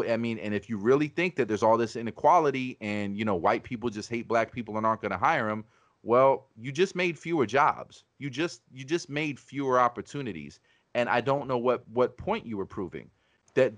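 A man's voice: medium pitch, fairly bright tone, no room sound. Emphatic, profane man arguing on a podcast. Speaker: podcast host. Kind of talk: casual podcast debate.

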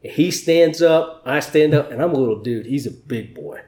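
A man's voice: fairly high pitch, expressive, normal speed, darkish tone. A man, a Navy chief, telling personal stories as an interview guest in a candid, emotional way, swearing freely. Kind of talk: conversational storytelling. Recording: roomy echo.

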